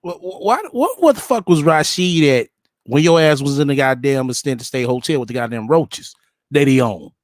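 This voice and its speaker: Man, profane reaction commentary, lively pitch, dry sound. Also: moderate pace, dry recording. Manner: crude, profane, mocking. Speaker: streamer reacting to a clip.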